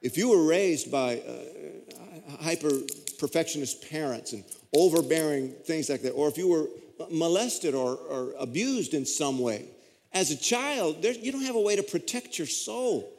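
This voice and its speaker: Pastor preaching in reverberant church. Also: male voice, on the high side, lively intonation, measured pace, vocal fry, a little mellow. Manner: folksy storytelling with self-deprecating humor. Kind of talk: sermon. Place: church sanctuary.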